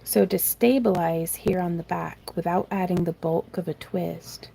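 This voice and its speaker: Her voice is lowish and warm with a breathy edge and vocal fry, steady in tone, unhurried, with few pauses. As she hosts a live crafting stream from her craft room, she rambles self-deprecatingly, laughs often and reads viewers' comments aloud.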